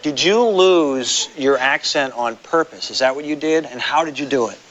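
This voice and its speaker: A man's voice: mid-range voice, moderate pace, fairly bright tone, a faint crowd. A man hosting a late-night talk show, teasing his guest with playful banter. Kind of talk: joking late-night interview. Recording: dull lo-fi archival TV audio with noise.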